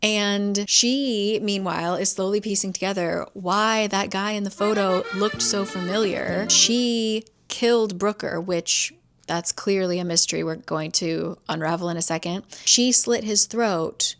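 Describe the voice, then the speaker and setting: A woman's voice: medium pitch, measured pace, soft background music. A woman casually recapping a novel's plot, chatty and swearing as she voices its characters. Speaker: book reviewer.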